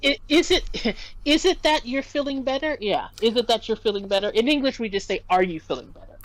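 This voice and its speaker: A woman tutoring French in a casual stream lesson, animated and quick to laugh as she explains. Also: on the high side, dry recording, low-quality recording.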